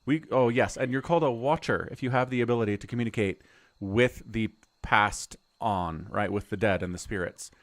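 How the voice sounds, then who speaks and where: A man's voice: on the low side, moderate pace, no echo. A middle-aged man streaming a role-playing game, chatting casually and rambling as he explains the story. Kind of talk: casual live-stream commentary.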